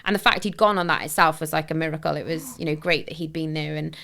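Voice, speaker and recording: A woman, telling a personal story as a podcast guest. Her voice sits somewhat low yet sounds bright and clear. She talks in a candid, reflective way, full of "sort of" and "you know". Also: fairly even intonation, quick pace. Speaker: podcast guest, charity founder.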